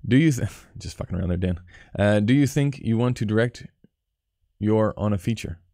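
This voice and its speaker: A cinematographer in his thirties talks on a live stream, answering chat questions and picking apart his own work in a candid, profane, self-critical way. His voice is fairly low, animated, and mellow at a moderate pace. The clean studio sound has no room tone.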